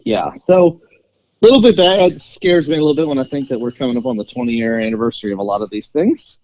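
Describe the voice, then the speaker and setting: A man co-hosting a sports podcast, animated and storytelling, with plenty of fillers and laughs. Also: mid-range voice, fast talker. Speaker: podcast co-host. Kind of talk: casual sports podcast chat. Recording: dry, slightly dull mic.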